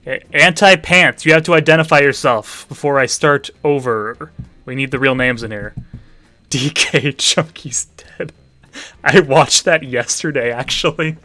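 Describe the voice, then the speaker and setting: A man's voice: mid-range voice, normal speed, sharp tone, no echo. A man, a teacher hosting a party game stream for students, chatting casually with dry offhand asides as he sets up rounds. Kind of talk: casual livestream chat.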